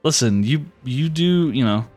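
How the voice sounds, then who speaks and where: A man's voice: mid-range voice, expressive, a little slow, darkish tone, soft background music. A young man narrating as game master in loose casual speech full of fillers.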